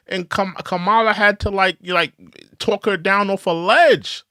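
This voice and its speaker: A man's voice: high-pitched, unhurried, bright, forceful tone, dry recording, clean studio sound. A young man hosting an opinionated commentary show, ranting in an indignant, repetitive way. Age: young adult.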